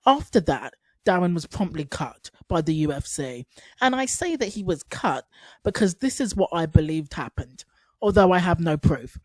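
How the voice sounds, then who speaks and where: A woman's voice: fairly low pitch, very animated, normal speed, a little mellow, dry recording. A woman giving casual commentary as a YouTube commentator, chatty with sarcastic asides.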